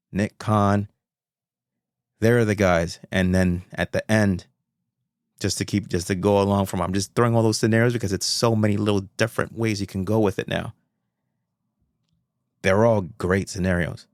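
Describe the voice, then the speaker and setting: A man hosting a casual solo podcast, talking in an excitable, rambling way and swearing freely. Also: on the low side, no room sound, studio quality. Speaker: podcast host.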